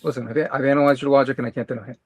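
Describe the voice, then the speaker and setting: A man's voice: mid-range voice, level tone, rapid-fire, breathy edge, poor audio. A man who is a fellow artist, teasing his friend with dry humor in casual chat on a stream.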